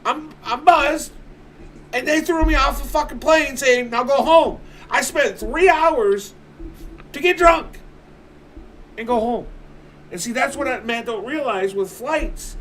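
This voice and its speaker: A man's voice: very high voice, lively intonation, a little slow, fairly bright tone, slight background noise. A man streaming from home, telling a story in casual chat, swearing constantly and ranting with animation.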